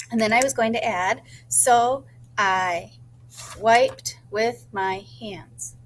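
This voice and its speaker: A woman teacher speaks very slowly in a gentle, higher voice, thinking aloud and sounding out each word bit by bit for young children. A faint hum sits under her voice. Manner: slow, deliberate sounding-out of words. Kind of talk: modeling a writing lesson for young children.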